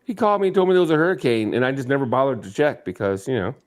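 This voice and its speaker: A man with a lively voice that moves up and down a lot jokes his way through a casual live-stream chat. He swears freely and needles the others with quick teasing questions. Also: medium pitch.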